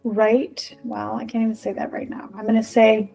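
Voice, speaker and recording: Soft-spoken woman leading a visualization. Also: on the high side, level tone, normal speed, creaky, hardly any pauses, soft background music. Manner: gentle, repetitive, inviting prompts. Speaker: spiritual workshop leader. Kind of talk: guided visualization.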